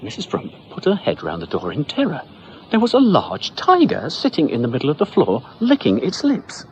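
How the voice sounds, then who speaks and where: Animated male storyteller, playful, dull broadcast sound with faint hiss. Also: a little high, normal speed. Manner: expressive and playful. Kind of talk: children's story reading.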